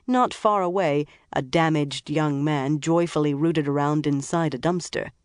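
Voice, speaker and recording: An audiobook narrator telling a gritty crime story in a steady, wry voice at a middling pitch. The read is dry and close, with no room around it. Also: a little slow, smooth, dry recording. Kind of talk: scripted narration.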